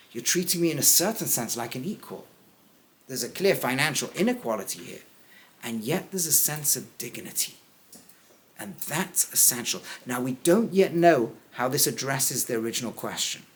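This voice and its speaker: A middle-aged man teaching as a rabbi, acting out the lines of the people in the verses with big rises, then dropping low and quiet for key points. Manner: acts out the characters' lines with big pitch swings. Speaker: rabbi teaching a text class. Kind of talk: animated Bible lesson.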